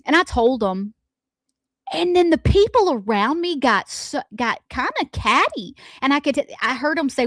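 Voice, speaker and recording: A woman co-hosting a morning radio show. She tells animated stories about her day in a fairly high voice, poking fun at herself as she goes. The sound is close and dry in the studio. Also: moderate pace, no echo. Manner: chatty, animated anecdotes, self-deprecating. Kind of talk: casual storytelling chat.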